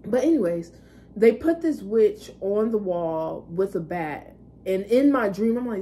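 A woman's voice: medium pitch, expressive, normal speed, dark tone, a little hiss or hum. A woman vlogger casually recounting personal experiences in a candid, rambling way, cursing now and then. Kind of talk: casual storytelling monologue.

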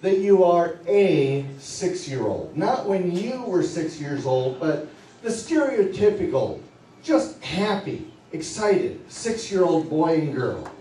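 A man working as a stage hypnotist, guiding volunteers through suggestions with slow, coaxing, playful patter. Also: a little high, lively intonation, mellow, slight background noise. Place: party venue with audience. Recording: echoey room from far off, faint music.

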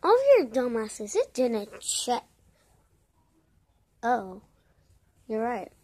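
High-voiced woman voicing a brash squabbling group. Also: lively intonation, extremely slow. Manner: brash, swears often, switches between shouting and mumbling. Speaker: voice-over creator. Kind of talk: voicing a group of characters in a homemade story.

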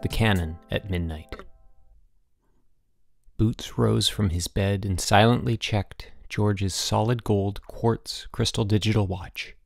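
A man reading a children's novel aloud as an audiobook narrator, steady and clear. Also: on the low side, slow pace, dry recording, studio quality, faint music behind. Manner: steady storytelling with voiced dialogue. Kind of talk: scripted narration.

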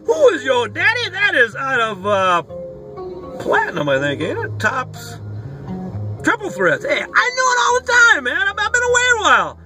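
A man opening sports card mail in his car, talking in an excitable, profane, hollering way. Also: very high voice, moderate pace. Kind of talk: casual card-opening vlog. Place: inside a car. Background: rock music playing faintly.

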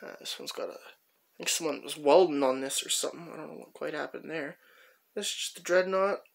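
A man casually showing his tool finds one by one, chatting in a rambling way with lots of pauses. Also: a little high, creaky, a little hiss or hum. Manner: rambling, chatty, many "uh" pauses while handling tools. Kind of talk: casual show-and-tell narration.

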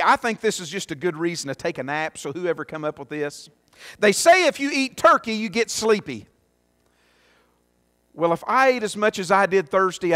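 A man's voice: sits high, fairly bright tone, no room sound, clean studio sound. A male pastor preaching a folksy, earnest sermon in church, with many restarts and asides. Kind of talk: sermon and prayer. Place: church sanctuary.

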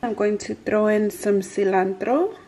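A woman's voice: medium pitch, a little slow. A woman vlogger casually talking through each cooking step in her home kitchen. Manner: relaxed, talks through each step as she works. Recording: kitchen noise with clicks and clatter.

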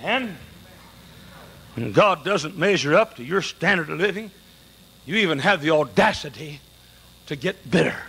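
A man preaching a sermon with passion, hammering rhetorical questions and often raising his voice to a shout. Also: fairly high pitch, lively intonation, a little slow, long pauses, husky.

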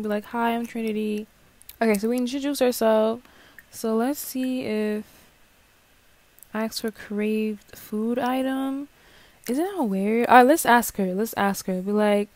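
A woman's voice: a little high, no room sound. A young woman hosting a gaming channel, chatting casually and reacting as she plays a life-sim game, swearing now and then. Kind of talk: casual let's play commentary.

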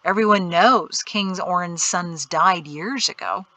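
A woman reading aloud voices a calm, knowledgeable male guide who explains things steadily. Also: high-pitched, a little slow, dry recording, full character voice, poor audio.

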